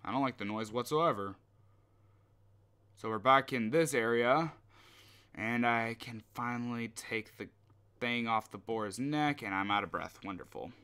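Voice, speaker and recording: Slow, bright-voiced young man playing a horror game. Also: medium pitch, clear, resonant tone. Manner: muttering to himself, jumpy, swearing. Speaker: gameplay commentator. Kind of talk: horror game let's play commentary.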